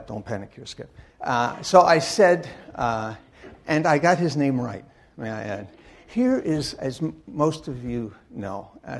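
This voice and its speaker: An older man giving a sermon in a church, telling wry stories in a halting way full of uh and restarts. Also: medium pitch, creaky. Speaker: guest speaker and Bible teacher. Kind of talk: anecdotal sermon talk.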